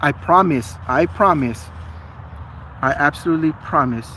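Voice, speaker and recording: Man, livestream chat, chatty, apologetic, fairly high voice, faint outdoor noise. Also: normal speed, sharp tone, poor audio. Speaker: vlogger. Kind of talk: casual livestream chat with viewers.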